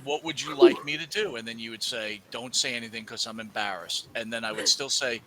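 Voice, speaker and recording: A man's voice: mid-range voice, sing-song, brisk, gravelly, crowd noise, rough recording. A man hosting a casual podcast chat, asking long rambling questions and acting out imagined conversations. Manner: acts out imagined dialogue. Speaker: podcast host.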